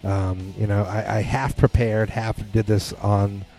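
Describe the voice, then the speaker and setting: A man's voice: lowish voice, fairly even intonation, unhurried, gravelly, dark tone, soft background music. A man hosting a casual solo podcast, rambling with many restarts and fillers. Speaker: podcast host. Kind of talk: casual monologue.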